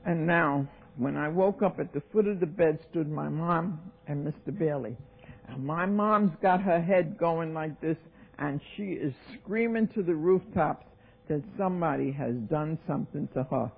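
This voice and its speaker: A woman's voice: low-pitched, a little slow, vocal fry, breathy edge. A woman in her seventies with a New York accent, telling her recovery story at a meeting, emphatic and acting out voices. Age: 70s. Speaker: AA speaker. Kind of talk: recovery talk, personal story. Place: meeting hall. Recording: tinny lo-fi 1990s tape.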